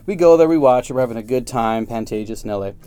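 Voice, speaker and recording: A man's voice: medium pitch, quick pace, clean tone. A man telling a story in a casual chat, acting out the people in it. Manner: animated, acts out the people in his story.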